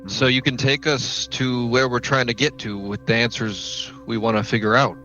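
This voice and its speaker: Bright-voiced male player. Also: medium pitch, fairly even intonation, normal speed, muffled recording, soft background music. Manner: questioning, casual. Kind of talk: tabletop game play.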